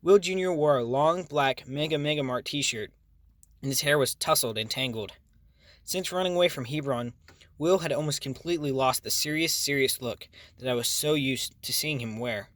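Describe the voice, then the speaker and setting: A man reads a first-person story aloud at a medium pitch, steady and even. The sound is close and dry, with no room echo. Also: moderate pace. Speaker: audiobook narrator. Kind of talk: first-person audiobook narration.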